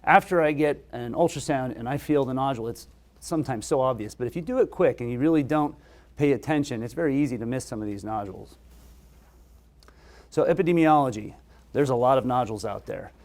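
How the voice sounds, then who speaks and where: A man who is a surgeon, giving a relaxed, conversational medical lecture with frequent hesitations. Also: medium pitch, a little fast.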